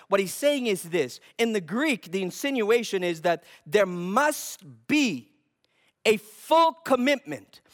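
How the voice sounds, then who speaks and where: Guy preaching w a fairly high voice, gets fired up, asks stuff then answers it himself. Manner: builds to fervent emphasis, asks and answers himself. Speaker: pastor. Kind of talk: sermon.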